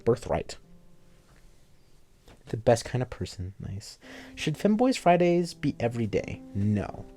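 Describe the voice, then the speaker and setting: A young man live-streaming a game, bantering loosely with his chat and cursing offhand. His pitch bounces around a lot as he jokes. Soft guitar music plays faintly behind him. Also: sing-song, slow pace, pauses often. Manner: joking, swears casually, banters with chat. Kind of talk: casual live-stream chat while playing a story game.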